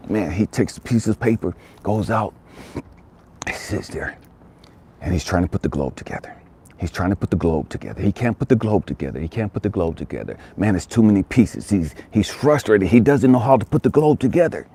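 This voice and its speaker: Emphatic man with a husky, dark voice. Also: lowish voice, animated, fairly quick. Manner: emphatic, repeats phrases for effect. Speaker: motivational speaker. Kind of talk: motivational storytelling talk.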